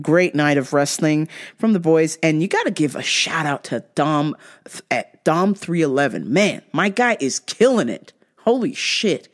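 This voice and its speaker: A woman hosting a podcast, ranting bluntly and casually, swearing constantly. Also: medium pitch. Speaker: podcast host. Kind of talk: casual profane rant.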